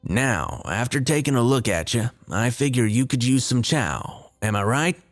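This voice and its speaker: A man voicing a kind but stern fishing guide in his forties, with a Southern Florida accent and a gruff, fatherly, folksy way of talking. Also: medium pitch, expressive, normal speed, faint music behind, natural voice. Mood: friendly. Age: 40s.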